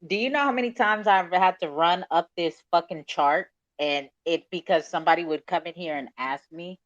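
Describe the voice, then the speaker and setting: Brief: relaxed man hosting a call chat, cusses, laughs a lot, muffled lo-fi audio. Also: fairly high pitch, normal speed, no echo. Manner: laid-back, profane, laughs often. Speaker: host.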